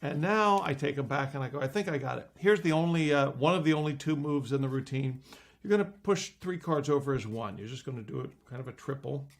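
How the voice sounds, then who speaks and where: Gravelly man teaching magic tricks. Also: brisk. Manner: playful, acts out patter with big pitch jumps. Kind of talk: magic lecture demonstration.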